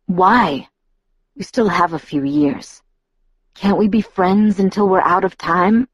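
A woman's voice: fairly low pitch, slow, slightly rough, no room sound, rough recording. A woman reading a novel aloud, voicing a brooding teenage boy who speaks in a grave, bitter way. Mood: grim.

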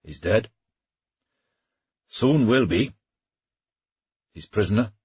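A man voicing a stern, vengeful knight in an audiobook, short and grim in speech, with a husky voice. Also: lowish voice, expressive, slow pace, a little mellow, no room sound, muffled recording, pitched above the performer's own voice, exaggerated voice. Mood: terse. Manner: terse, grim. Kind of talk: audiobook character reading.

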